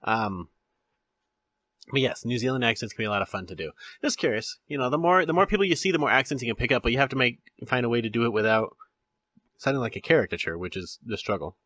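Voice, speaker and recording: A man's voice: medium pitch, fast talker, fairly bright tone, no room sound. A man hosting a podcast in casual chat, rambling with restarts and laughing often. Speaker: podcast host.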